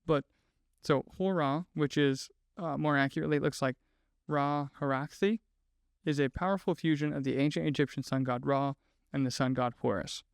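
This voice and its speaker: A man's voice: a little high, steady tone, moderate pace, vocal fry, dry recording, studio quality. A man hosting a podcast, telling a story in a casual, chatty way, full of fillers and asides. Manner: chatty, lots of "like" fillers, laughs at own asides. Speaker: podcast host.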